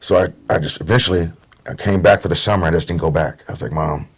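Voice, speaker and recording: Middle-aged dude from portland telling stories, lowish voice, easygoing. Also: male voice, fairly even intonation, fast, husky. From Portland, Oregon. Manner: easygoing storyteller, acts out quotes. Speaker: guest. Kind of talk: casual conversation.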